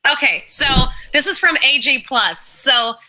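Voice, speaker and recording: A woman chatting on a casual online panel, telling a story with animated laughter and some swearing. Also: high voice, unhurried, low-quality recording.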